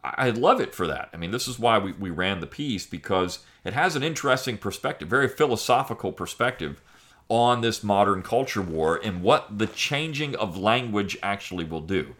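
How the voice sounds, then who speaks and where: A man's voice: on the low side, lively intonation, moderate pace, fairly bright tone. A middle-aged man hosting a show, talking through his thoughts with many restarts and fillers. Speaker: podcast host. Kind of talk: casual monologue, then reading aloud.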